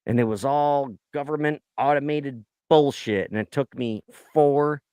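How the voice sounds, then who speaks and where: A man's voice: mid-range voice, unhurried, darkish tone, clean tone, no echo, studio quality. A man co-hosting a casual podcast from the United States, ranting with heavy swearing and mimicking people in his stories. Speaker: podcast co-host. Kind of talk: crude casual chat.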